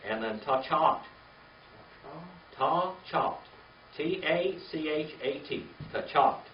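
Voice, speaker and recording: Slow older male Bible teacher. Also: a little high, animated, a little hiss or hum. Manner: slow and patient, spells words out letter by letter. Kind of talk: classroom Hebrew reading lesson. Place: classroom with a small group. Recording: echoey, distant, dull lo-fi room recording.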